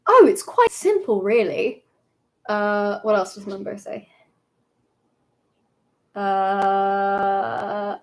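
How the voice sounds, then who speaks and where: A woman voicing a mild-mannered, polite man, slowly listing terms one by one. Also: medium pitch, voice pushed down, full character voice.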